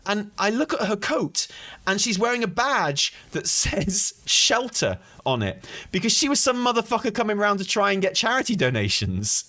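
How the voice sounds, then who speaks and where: A man and channel host telling a wild story in a casual, animated way, swearing and laughing as he goes. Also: high voice, normal speed.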